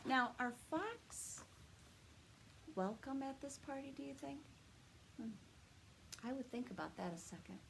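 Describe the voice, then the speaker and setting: A woman, a children's librarian, reading a picture book aloud at story time, animated and expressive and asking the children questions. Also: sits high, a little slow, vocal fry, long pauses, slight background noise.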